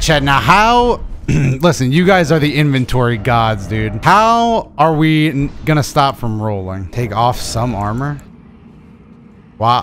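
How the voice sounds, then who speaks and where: Excitable, profane gamer man, lively swooping pitch. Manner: excitable, profane, bursts into yelps and laughs. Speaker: gaming video creator. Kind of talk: let's play commentary.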